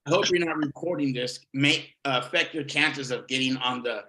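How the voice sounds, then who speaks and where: Crude laughing comedian with a bright voice. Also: male voice, medium pitch, normal speed, low-quality recording. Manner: crude, rambling, swears often, laughs at own jokes. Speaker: stand-up comedian. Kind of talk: stand-up set on a live video call. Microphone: video call.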